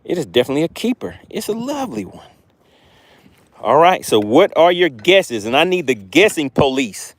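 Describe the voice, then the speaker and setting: An eager, excitable man broadcasts live fishing from his boat on a windy lake, repeating phrases as he speaks directly to his audience. His voice runs on the high side, fairly quick with hardly any pauses, in a dry recording.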